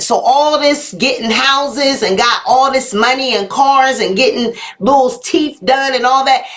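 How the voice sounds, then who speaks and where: On her live YouTube gossip show, a woman talks to viewers with sass, responding to their comments and calling them "honey" and "y'all." Her voice is on the high side with a fairly bright tone.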